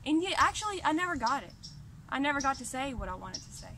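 At home, a woman vlogger rants angrily and profanely straight into her camera, heated, repetitive, and confrontational. Her voice is high, sing-song, quick, bright, and forceful, with slight background noise.

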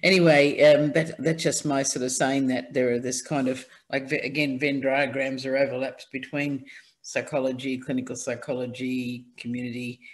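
Man, video call, rambling, many fillers and restarts, deep morning voice, mid pitch. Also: level tone, normal speed. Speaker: conference panel participant. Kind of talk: casual discussion on a video call.

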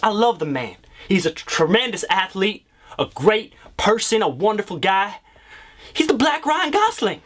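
An actor playing an unhinged young man obsessed with a movie star, in a comedy sketch monologue, lurching from low profane mutters to shrill outbursts. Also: fairly bright tone, exaggerated voice. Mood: manic insistence.

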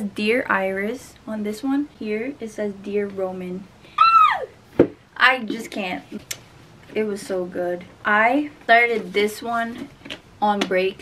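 A woman's voice: mid-range voice, slow pace. A young woman chatting casually in a vlog, gushing and talking to viewers like friends. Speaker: vlogger. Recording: camera mic from a distance, noisy.

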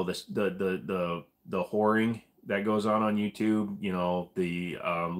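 A man hosting a live stream, answering viewer questions in a blunt, profane, casual way. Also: deep voice.

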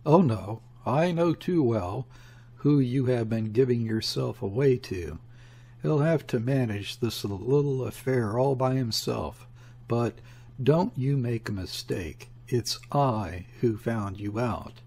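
A man voicing a smooth, cool police inspector. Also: mid-range voice, takes it slowly, dark tone, full character voice. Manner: smooth and emphatic.

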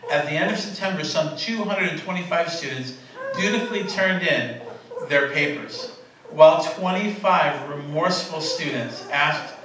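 A man preaching a sermon in a church, talking to the congregation in a relaxed, conversational way and stopping to correct himself. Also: a little high, normal speed, background noise. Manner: conversational, self-correcting, laughing asides to the congregation. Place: church sanctuary. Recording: very echoey room, voice from a distance.

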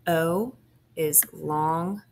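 A low-voiced woman teacher with a gravelly edge works through a phonics worksheet. She speaks slowly and patiently, sounding out each syllable. There is a faint hiss behind her on a computer mic. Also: darkish tone. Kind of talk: phonics lesson walkthrough.

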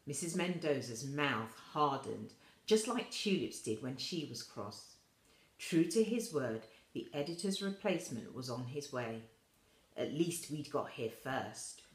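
A woman with a low voice reads a children's story aloud at an unhurried, gentle pace. Her voice rings in an echoey room. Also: expressive. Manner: slow, soft reading with quoted voices lifted higher. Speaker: reader of a children's novel. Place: school room.

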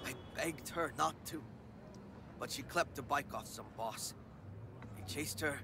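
A man's voice: on the high side, unhurried, background noise. A man voicing a distraught gang member in a video game, agitated and swearing as he pleads for news of a lost friend. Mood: distressed.

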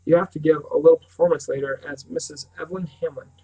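A man's voice: on the high side, fairly even intonation, fast, dark tone, husky, low-quality recording. A man voicing an anxious, wry teenage girl, earnest and questioning, in an audiobook. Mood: teasing.

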